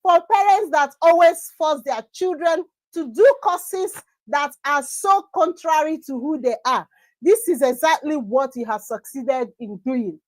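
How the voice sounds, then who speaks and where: High-voiced woman preaching about parenting. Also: lively intonation, a little slow, a little mellow, no room sound, rough recording. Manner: emphatic, repeats phrases for stress. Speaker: conference speaker on parenting. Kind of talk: preaching-style motivational talk.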